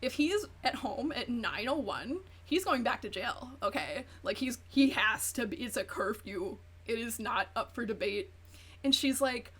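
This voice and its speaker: A woman's voice: fairly high pitch, animated, measured pace, a bit bright, breathy edge. A woman streamer chatting casually while gaming, rambling through profane gossip and acting out quotes. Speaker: VTuber streamer.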